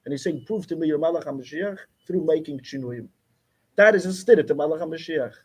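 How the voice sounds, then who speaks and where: A man leading a lively study class, his voice husky and a little higher than most. He argues insistently, pressing his points again and again against interruptions. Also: fast talker. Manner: insistent, argumentative, mixes Yiddish and Hebrew terms. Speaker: Torah class teacher. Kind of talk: heated study-class debate.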